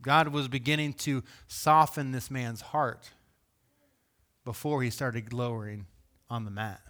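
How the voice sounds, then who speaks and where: A male pastor delivering a sermon in an animated, conversational preaching manner. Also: medium pitch, unhurried.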